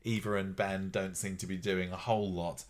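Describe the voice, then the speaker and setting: A man's voice: deep voice, flat delivery, normal speed, a little hiss or hum. A man co-hosting a podcast, recapping a soap in a rambling chat with wry asides. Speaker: podcast co-host.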